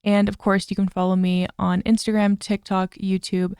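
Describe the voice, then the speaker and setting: A woman's voice: mid-range voice, little pitch movement, moderate pace, darkish tone, clean tone, no echo. Bubbly young girl hosting her podcast, super gushy and chatty, dry close sound. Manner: bubbly, gushing, chatty with frequent "like" and "oh my gosh". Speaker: podcast host. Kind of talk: casual chat.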